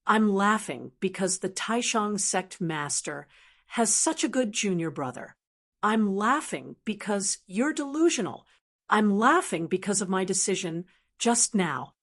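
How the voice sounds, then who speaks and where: A defiant male hero in chains answers his captor with cold, mocking scorn, as a woman narrator puts him on. He sounds proud and unbowed. The pitch stays in the middle range, close to the reader's own voice. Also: fairly bright tone.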